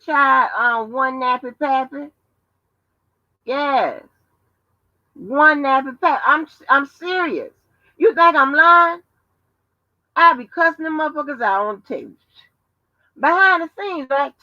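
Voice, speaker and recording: A woman's voice: sits high, animated, unhurried, pauses often, no echo. A woman hosting a casual livestream from home, talking in a profane, emphatic, storytelling way. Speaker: livestream host. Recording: dull lo-fi livestream audio.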